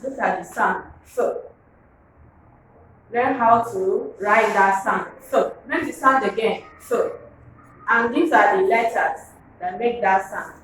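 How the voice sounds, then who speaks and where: A woman teaching a phonics lesson, drilling words slowly and asking the class to repeat them. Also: mid-range voice, fairly bright tone, a little hiss or hum. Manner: slow, drilling, repeats words and asks to pronounce. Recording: echoey room, voice from far off.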